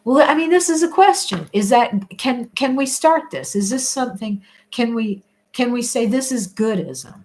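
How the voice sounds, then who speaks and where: A woman's voice: on the high side, expressive, moderate pace, a little mellow. Rambling, reflective woman chatting. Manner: rambling, restarts often, laughs between thoughts. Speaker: livestream host reading viewer comments. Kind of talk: casual reflective chat.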